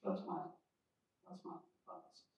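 A man's voice: brisk, a little mellow. A man giving a conversational teaching sermon on church history, speaking with restarts and asides. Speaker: preacher. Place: church sanctuary. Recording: echoey, distant, dull church recording.

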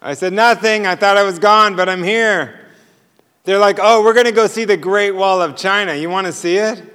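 A man with a high, bright, crisp voice tells a personal faith story from the pulpit. He is an animated storyteller who keeps chuckling at his own punchlines. His words ring out with a long hall reverb. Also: moderate pace. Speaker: preacher sharing testimony. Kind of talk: storytelling sermon.

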